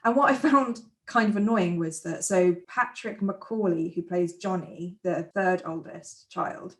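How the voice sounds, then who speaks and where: Chatty woman reviewing a horror film. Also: on the low side. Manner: chatty, opinionated, quick asides. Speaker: podcast co-host. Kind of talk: casual film review chat.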